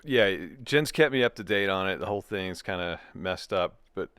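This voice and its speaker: A man's voice: low voice, expressive, normal speed, a bit bright, clean tone, dry recording, clean studio sound. A man joining as a guest in a casual commentary chat, wry and jokey, with some hesitations. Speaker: guest co-host.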